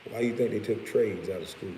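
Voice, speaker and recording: A man's voice: fairly low pitch, a little fast, mellow. A man vlogging, ranting bluntly and profanely, with laughing asides. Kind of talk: profane rant vlog. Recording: roomy echo with faint hiss.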